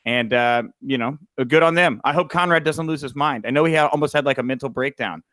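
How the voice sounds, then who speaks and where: Bright-voiced young male podcast host. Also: mid-range voice, quick pace, dry recording. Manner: animated storyteller, frequent "uh" fillers. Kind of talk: casual wrestling news chat.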